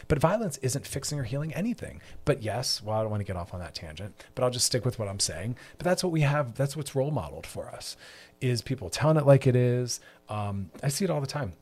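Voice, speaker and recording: A man hosts a mental health podcast, speaking passionately and a bit preachily and repeating himself for emphasis. His medium-pitched voice is husky, very animated and a little fast.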